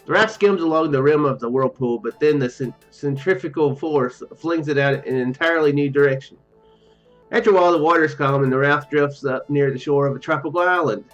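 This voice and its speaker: Guy doing a let's play, reads the game text, stumbles and jokes, kinda higher voice, muffled with quiet music behind. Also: a little fast. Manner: reads on-screen text with restarts and asides, laughs easily. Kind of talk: casual let's play commentary and reading aloud. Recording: dull muffled recording with faint game music.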